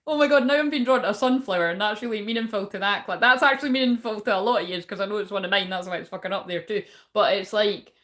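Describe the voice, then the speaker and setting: A woman's voice: medium pitch, fast, fairly bright tone. A young woman giving a casual spiritual reading, rambling and swearing often. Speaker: spiritual reader and shaman.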